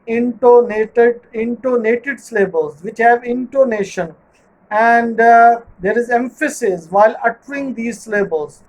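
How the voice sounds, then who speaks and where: Male lecturer, slow and methodical, rephrases everything for students. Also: high voice, low-quality recording. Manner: measured, repeats and rephrases points. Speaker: literature teacher. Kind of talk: recorded online lecture.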